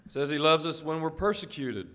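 A man reads scripture passages in a church service in a steady, even delivery. His voice sits slightly high for a man. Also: brisk. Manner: steady reading, with affirming interjections. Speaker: scripture reader. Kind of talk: reading scripture aloud in church.

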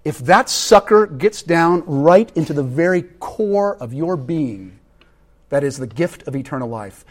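Male pastor, lively sermon, jokes with the congregation, loud peaks and quiet drops. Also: a little high. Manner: animated preaching with sudden loud peaks and hushed drops; conversational and joking with the congregation.

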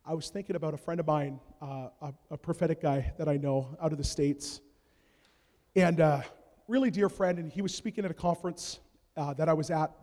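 A man from Canada preaching a sermon, telling stories with swings from hushed asides to loud shouts. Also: a little high, fairly quick. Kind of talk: sermon storytelling. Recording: long reverb of a large hall.

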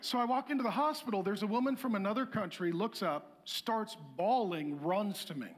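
A middle-aged pastor with a high voice tells a funny testimony in a lively, self-mocking way. He breaks into acted-out dialogue as he goes. The sound is his own plain speaking voice. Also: moderate pace. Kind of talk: humorous testimony storytelling.

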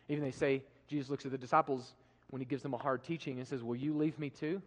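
A man preaching a sermon, emphatic, swinging from loud declarations to hushed passages. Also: mid-range voice, steady tone, quick pace. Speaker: pastor. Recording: live preaching with long hall reverb.

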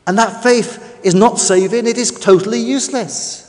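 Man, high-pitched preacher, emphatic sermon delivery, echoing hall. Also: darkish tone. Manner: emphatic, with slow drawn-out stresses. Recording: long reverb of a large hall.

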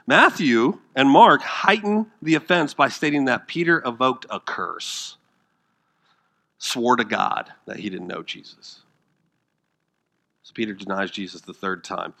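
A man preaching a sermon as pastor, dramatic, rising to loud emphasis, then dropping to hushed tones, asking the congregation questions and acting out the quoted lines. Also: medium pitch, lively intonation, a little slow, vocal fry, long pauses.

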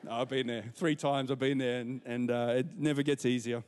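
A man's voice: medium pitch, steady tone, normal speed, hardly any pauses, clear, resonant tone, big-room sound. A man preaching a sermon, telling personal stories with asides to the congregation. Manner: warm storytelling with repetitions and asides to the congregation. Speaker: pastor.

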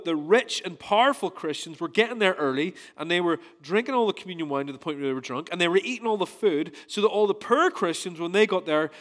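Pastor with a higher voice. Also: male voice. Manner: conversational preaching with repeated restarts. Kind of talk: sermon.

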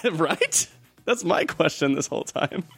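A man's voice: fairly high pitch, slow, gravelly, slightly rough, faint music behind. Laid-back young man telling a story. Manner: storytelling, relaxed, laughing often. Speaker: podcast host. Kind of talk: casual chat.

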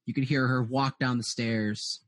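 A man's voice: mid-range voice, steady tone, unhurried, fairly bright tone, faint music behind. A man narrating as game master in a rambling way, full of "uh"s and restarts.

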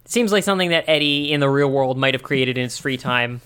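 A man's voice: mid-range voice, a little fast, a bit bright, clear, resonant tone. A man co-hosting a podcast in casual chat, thinking aloud with wry, joking asides. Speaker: podcast co-host.

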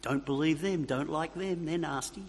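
A man voicing the sly, soothing whisper of the devil, coaxing and flattering. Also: a little high, moderate pace, a little hiss or hum, natural voice. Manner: soft, soothing, wheedling. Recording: long reverb of a hall.

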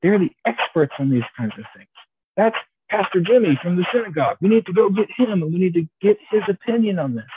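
A man's voice: high-pitched, lively intonation, fairly quick, voice pushed up. A man voicing rigid, pompous male religious leaders in a sermon, lecturing and dismissive. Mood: indignant. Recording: tinny phone-like sound, faint hiss.

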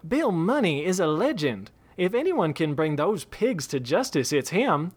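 A man's voice: a little high, very animated, measured pace, husky, pitched above the performer's own voice, exaggerated voice. A man voicing an eager, naive young gunslinger. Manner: eager, admiring.

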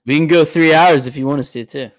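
A young man, co-hosting a casual sports podcast, telling stories with animated, profane energy. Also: a little high, fast, no room sound. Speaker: podcast co-host.

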